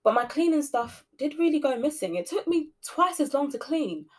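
A woman's voice: high voice, very animated, moderate pace, pitched above the performer's own voice. A woman playing a frantic cleaner. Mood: suspicious. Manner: frantic, exclamatory. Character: anxious female office cleaner, flustered.

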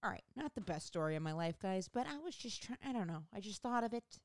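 A woman's voice: mid-range voice, animated, fast, a little mellow, no echo. A woman comedian telling a rambling, profane story about her own life in a casual, self-mocking way.

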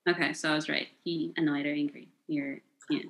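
A young American woman co-hosting a casual chat, playful and joking, swearing freely, with sudden high-pitched outbursts. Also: flat delivery, fairly quick, creaky, fairly bright tone, rough recording. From United States. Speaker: podcast co-host.

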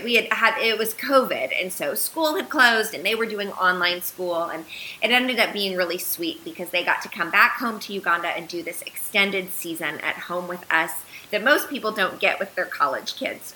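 A woman's voice: lowish voice, pushed and bright, a little hiss or hum, poor audio. A woman in her thirties, a podcast guest, telling a personal story earnestly and with animation, using many filler words.

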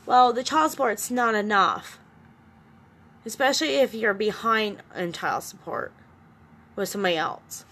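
With a mid-range, slightly bright voice, a measured pace and long pauses, a middle-aged woman opens up in a personal vlog about co-parenting struggles. She talks to her camera earnestly and emotionally, rambling with restarts.

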